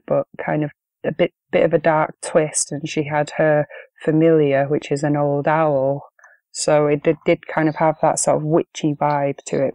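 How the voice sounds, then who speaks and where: A woman co-hosting a podcast chats about films in an easygoing way, with frequent ums. Her low-pitched voice has a warm tone and no room sound.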